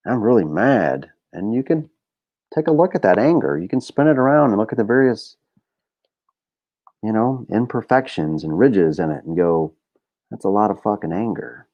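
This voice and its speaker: A man's voice: low voice, highs cut off. A middle-aged man hosting a podcast, talking in a candid, rambling way with lots of fillers and swearing. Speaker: podcast host. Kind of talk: casual monologue.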